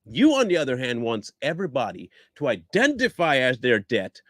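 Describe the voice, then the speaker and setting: A man's voice: mid-range voice, huge pitch swings, moderate pace, fairly bright tone, dry recording, clean studio sound. A man giving combative reaction commentary, blunt and scornful, firing rhetorical questions and repeating himself for emphasis. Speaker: online commentator.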